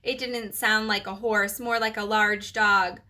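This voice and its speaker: A preschool teacher reading a chapter book aloud to her class, animated and expressive. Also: mid-range voice, unhurried.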